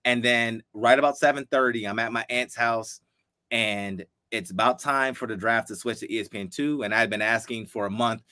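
A man in his fifties from Ohio, a guest telling animated stories in a casual interview and acting out the dialogue. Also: medium pitch, normal speed, dry recording. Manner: animated storyteller who acts out quoted dialogue. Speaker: guest, former football player.

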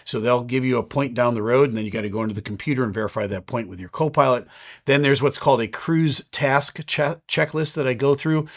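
A man in his fifties talks through how his job works with an easygoing, explanatory manner. His voice sits in a middle pitch, and he fills pauses with an unhurried "uh" as he goes. It sounds like a casual question-and-answer chat from a working captain. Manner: relaxed and explanatory, with frequent "uh" fillers.

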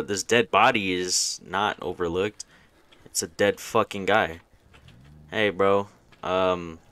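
A man's voice: fairly low pitch, pushed and bright. A young man giving nervous, swearing commentary while playing a horror game. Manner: jumpy, swearing, nervous chatter. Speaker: gaming YouTuber.

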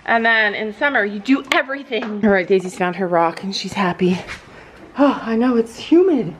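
A woman's voice: medium pitch, a little fast, fairly bright tone, a little hiss or hum. A middle-aged woman from Canada, chatting casually to her camera in a barn on her family farm, laughing often and cooing at her dogs. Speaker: vlogger, mother running a family farm channel. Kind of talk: casual vlog chat.

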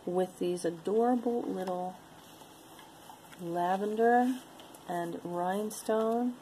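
A woman's voice: medium pitch, takes it slowly, mellow, slight background noise, poor audio. A woman chatting casually to viewers as she shows and sells jewelry, rambling and talking to herself between items. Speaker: online jewelry seller. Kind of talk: casual sales chat to viewers.

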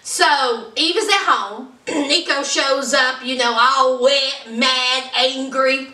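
A woman casually recapping a TV episode in a vlog, telling it as a lively story and acting out the scenes. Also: high voice, takes it slowly. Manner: animated storyteller, acts out the scenes. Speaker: TV episode reviewer. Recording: roomy echo, mic at a distance.

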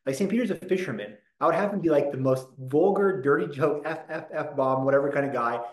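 A man's voice: on the high side, quick pace. A man giving a casual lecture on a religious text, reading passages aloud and breaking into joking asides. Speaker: Catholic lecturer. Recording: roomy echo.

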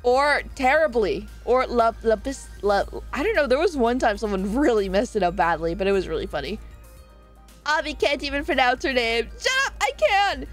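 A woman's voice: fairly high pitch, animated, moderate pace, faint music behind. A young woman streamer in casual live-stream chat, reading chat aloud with lots of swearing and laughing. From Southern US.

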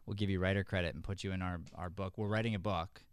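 A man coaching actors, smooth dry voice. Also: low-pitched, fairly even intonation, quick pace, no room sound. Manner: friendly, coaching, with many restarts. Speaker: acting teacher. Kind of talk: giving feedback on a video call. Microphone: video call.

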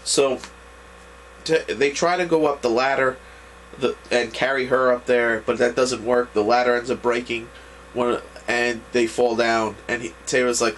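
A man's voice: mid-range voice, steady tone, moderate pace, fairly bright tone, a little hiss or hum. A man giving a casual, rambling recap of an anime episode, full of restarts and fillers. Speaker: anime reviewer.

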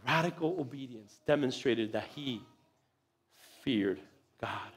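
A man preaching a sermon in church, animated, acting out little voices and laughing often. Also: mid-range voice, slow pace, husky. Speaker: pastor. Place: church sanctuary.

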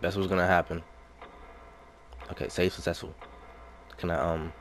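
A young man with a low, deep voice talks his way through a horror game, muttering to himself and repeating his lines. A faint hiss of noise sits under the recording. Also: level tone, normal speed, pauses often. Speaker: gaming YouTuber. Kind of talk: let's play commentary.

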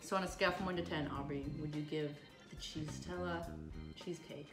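A woman's voice: deep voice, steady tone, fairly quick, over music. Chatty woman food reviewer, echoey room. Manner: chatty, joking, self-deprecating. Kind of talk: casual food review chat.

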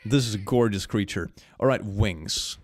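Gravelly excitable male streamer. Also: fairly low pitch, normal speed. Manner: excitable, laughing, swings between gushing and mumbling. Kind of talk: gaming stream commentary.

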